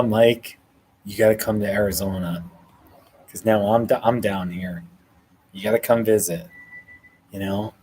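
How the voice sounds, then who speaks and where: A man's voice: fairly low pitch, a little mellow, slight background noise, low-quality recording. A man hosting a casual livestream from a hotel room, reading viewer comments, thanking people by name and laughing often. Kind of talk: casual live chat.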